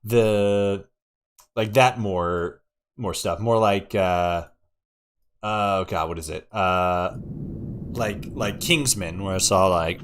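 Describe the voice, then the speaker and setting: A man's voice: sits low, takes it slowly, long pauses, background noise. A young man from Oregon streaming a game, chatting casually, swearing and laughing often. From Oregon, USA. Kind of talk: casual live-stream chat while playing.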